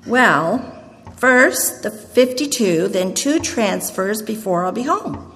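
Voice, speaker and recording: A woman voicing a kindly old immigrant woman with slow, gracious speech. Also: medium pitch, expressive. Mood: pleased. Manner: slow, warm, gracious offering. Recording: long hall reverb.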